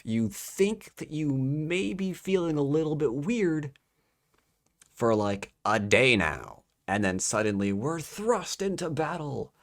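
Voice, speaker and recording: A man giving a casual, sarcastic book review, exasperated and mocking the story in quick put-on voices. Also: medium pitch, very animated.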